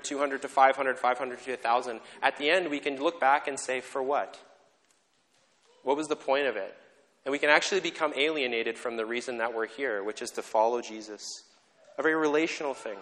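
Male pastor, middle pitch, earnest and reflective sermon delivery, long church-hall echo. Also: a bit bright. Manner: earnest, reflective, explains ideas step by step. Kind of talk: conversational sermon. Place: church sanctuary.

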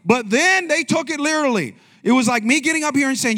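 A man's voice: extremely high pitch, expressive, fairly quick, bright, forceful tone. A young adult male pastor giving a conversational sermon, often asking the congregation questions.

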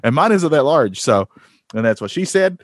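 Pitched on the high side and very animated, this man co-hosts a podcast at a normal speed. His casual chat rambles, full of fillers and restarts, captured in a dry, clean studio recording.

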